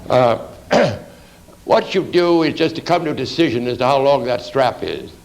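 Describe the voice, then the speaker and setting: A man giving an art anatomy lecture while drawing, halting with many "you see" asides and dry remarks to the class. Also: mid-range voice, rough recording.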